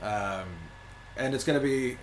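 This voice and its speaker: A man's voice: medium pitch, measured pace, a little hiss or hum. Laid-back young man, casual podcast chat. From Ontario, Canada. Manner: laid-back, swears freely, laughs often. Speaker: stand-up comedian, podcast guest. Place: apartment in Montreal.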